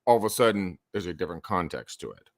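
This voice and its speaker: A man giving sales advice as a podcast guest, animated and swinging his voice up and down for emphasis. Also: sits low, quick pace, dry recording, studio quality. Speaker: real estate sales coach.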